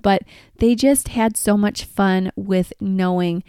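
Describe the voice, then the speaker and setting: A middle-aged woman hosts a casual advice podcast in an upbeat, chatty, encouraging tone. Her voice is mellow and warm, recorded close and dry with no room sound. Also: medium pitch, fairly even intonation, slow pace, smooth, no room sound. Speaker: podcast host.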